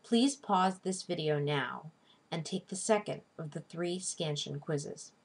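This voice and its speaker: A woman instructor giving a recorded online lecture, teaching in a clear, deliberate way and slowing down to stress syllables. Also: low voice. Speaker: literature instructor.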